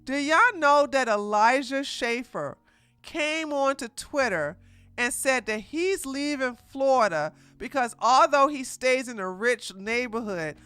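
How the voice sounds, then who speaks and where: Slow-talking bright-voiced woman host. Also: high-pitched, smooth, dry recording. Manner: animated, laughing, mocking. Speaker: commentary host. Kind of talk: casual reaction commentary.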